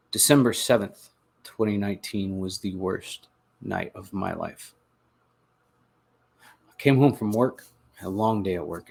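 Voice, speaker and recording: Gravelly, low-voiced man recounting his story. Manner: earnest, halting, with repeated words and restarts. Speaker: podcast host telling his recovery story. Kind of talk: confessional personal narration.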